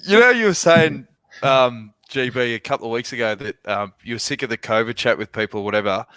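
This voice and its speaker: A man's voice: medium pitch, fairly quick, sharp tone, clear, resonant tone, no echo. A young man co-hosting a podcast, chatting casually and acting out little exchanges as he tells stories. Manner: chatty storyteller, acts out exchanges. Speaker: podcast co-host. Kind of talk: casual chat.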